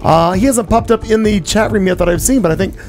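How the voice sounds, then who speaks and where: A man's voice: high-pitched, quick pace, darkish tone, soft background music. A man hosting a live radio talk show from a studio, chatty and upbeat, laughing easily between lines. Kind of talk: casual live radio banter. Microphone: studio mic.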